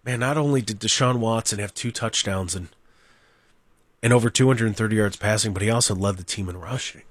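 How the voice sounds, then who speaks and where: A man hosting a sports talk radio show, talking in an animated, rambling, opinionated way and mocking the people he talks about. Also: lowish voice, brisk, no echo. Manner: animated, rambling, mocking, with mimicked crowd voices. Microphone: studio microphone.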